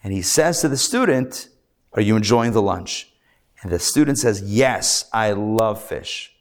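A rabbi teaching a live class, telling stories in a lively, animated way with playful asides. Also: male voice, fairly low pitch, measured pace.

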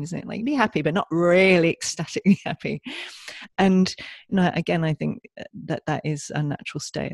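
A man co-hosting a podcast, talking in gentle, affirming, warmly effusive casual conversation. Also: on the high side, gravelly, dry recording, studio quality. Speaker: podcast co-host.

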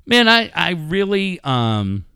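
A man's voice: on the high side, big pitch swings, takes it slowly, creaky, pushed and bright, clean tone, no room sound, clean studio sound. A man who hosts sports radio, casually telling a profane story and acting out quotes. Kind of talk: casual podcast banter.

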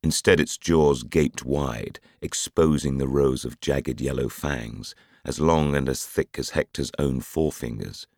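A man narrating a thriller audiobook in a measured, dramatic way. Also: rumbling low, gravelly, darkish tone, no echo, studio quality. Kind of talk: scripted narration.

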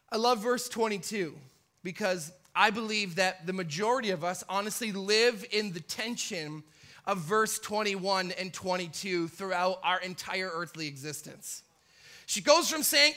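A man's voice: high voice, unhurried, pushed and bright. A man preaching a sermon in church, passionate, acting out the voices of people he quotes with rising intensity. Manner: impassioned, acts out quoted pleas with rising intensity.

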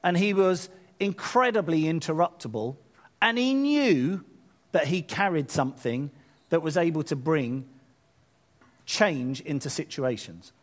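A man preaching a sermon, retelling scripture in a lively paraphrase with casual asides. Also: a little high, measured pace. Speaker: pastor.

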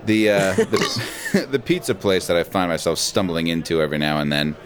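A man's voice: low-pitched, normal speed. A man co-hosting a podcast in casual chat, swearing freely and laughing often. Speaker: podcast co-host.

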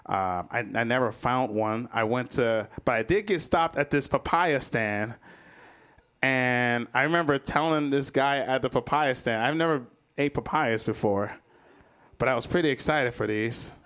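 A man telling a personal story live, animated, chuckling between lines and acting out other people's voices. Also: medium pitch, normal speed. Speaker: storyteller, comedian.

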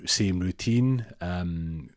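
A man's voice: low-pitched, drawn-out words, no room sound, clean studio sound. A man telling a funny story in a rambling way, full of fillers and restarts. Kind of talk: comic storytelling.

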